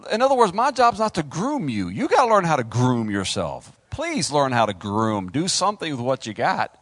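A middle-aged male pastor preaching a sermon, animated, acting out voices and talking straight to the congregation. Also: on the high side, normal speed, no echo.

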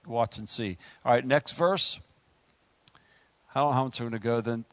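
Joking and conversational, this man's sermon includes quickly acted-out asides and builds to excited preaching in a high pitch. No room sound is audible.

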